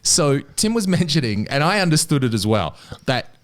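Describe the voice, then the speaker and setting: A man's voice: fairly high pitch, normal speed. A man hosting a comedy podcast, telling an anecdote in casual chat. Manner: animated storytelling. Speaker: podcast host.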